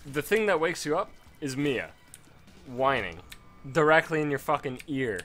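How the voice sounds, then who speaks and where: Bright-voiced man ranting over gameplay. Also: a little high, lively intonation, moderate pace, faint music behind. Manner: rambling, profane storytelling rant. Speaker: let's play gamer. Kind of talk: casual gameplay commentary. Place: home.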